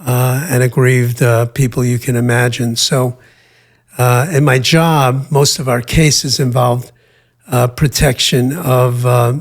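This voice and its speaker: An older man from the United States, a guest in an interview, telling his life story in a measured way with frequent pauses and fillers. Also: medium pitch, flat delivery.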